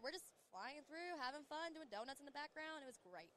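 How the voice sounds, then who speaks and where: A bubbly young woman from Missouri chats as a podcast guest, laughing often and slipping into folksy slang. She talks quickly in a slightly high voice. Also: animated, fairly bright tone. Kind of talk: casual podcast chat. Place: busy trade show floor.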